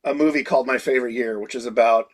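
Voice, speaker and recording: A man in his sixties, a creature designer, telling lively anecdotes in a casual interview and slipping into impressions of people. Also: medium pitch, fast.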